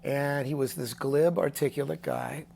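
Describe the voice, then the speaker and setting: A songwriter in his sixties tells a story as a guest in a casual interview, animated and acting out the voices of the people he quotes. His medium-pitched voice is a little slow with vocal fry, and there is slight background noise.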